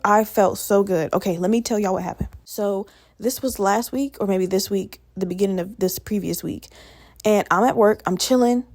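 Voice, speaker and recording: A woman's voice: mid-range voice, gravelly, darkish tone, dry recording, studio quality. A young woman in her twenties from Virginia, hosting a podcast alone in a rambling, profane, chatty way. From Virginia, USA. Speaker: podcast host. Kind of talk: casual solo podcast rambling.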